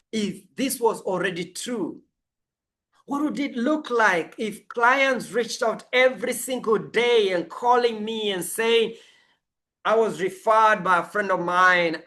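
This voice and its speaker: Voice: mid-range voice, fairly bright tone. A life coach giving a motivational coaching talk, emphatic and repeating affirmations over and over.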